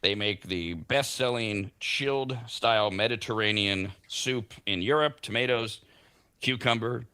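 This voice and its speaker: Guy hosting morning radio, bright voice, dry studio sound, jokey and chatty. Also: lowish voice, a little slow, clear, resonant tone, no echo. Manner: chatty, jokey, reads product news aloud. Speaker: morning show host; parent. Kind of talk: casual morning radio banter.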